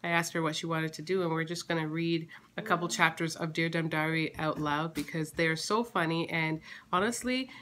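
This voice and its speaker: A woman in her thirties, a mother chatting casually at home for her family vlog, teasing and quick to laugh. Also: low-pitched, fairly even intonation, a bit bright, slight background noise.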